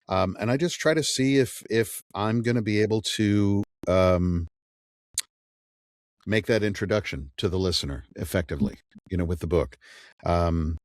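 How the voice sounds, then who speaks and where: A man's voice: deep voice, no room sound, studio quality. A middle-aged man, an audiobook narrator, talking casually in an interview and telling stories animatedly. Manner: animated storyteller, acts out quoted dialogue.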